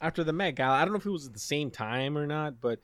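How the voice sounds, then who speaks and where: A man from Mexico telling a childhood story at a fast clip, animated and swearing freely. His voice sits at an ordinary pitch and has a dry, close sound, with no room around it. He drops into Spanish phrases now and then. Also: no echo. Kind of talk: casual chat.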